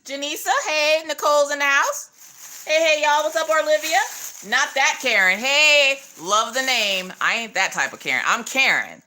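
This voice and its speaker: A woman's voice: high-pitched, normal speed, sharp tone. A woman hosting a casual craft livestream, playfully greeting chat viewers by name and joking with them as she unboxes.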